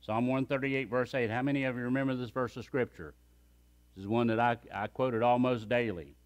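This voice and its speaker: A man's voice: medium pitch, quick pace. A man preaching a sermon as pastor, emphatic and calling on the congregation to repeat phrases after him.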